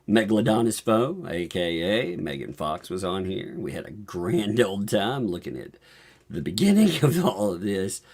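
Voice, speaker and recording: A man hosting a casual live stream, commenting and chuckling often as he talks. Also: unhurried. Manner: chuckles often through his talk; animated, swinging up and down in pitch.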